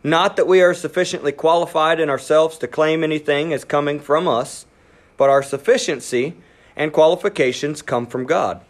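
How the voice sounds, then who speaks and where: A man preaching a sermon, animated, acting out inner voices and dropping his voice low for emphasis. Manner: animated, acts out inner voices, quickens and drops to near whisper. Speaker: pastor.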